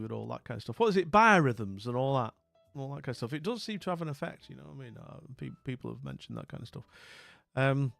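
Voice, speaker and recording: A British man chatting on a live stream, rambling and self-mocking, with plenty of fillers. His voice sits fairly high and sounds close and dry. Faint music plays underneath. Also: creaky, dry recording. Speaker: streamer host. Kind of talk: casual live-stream chat.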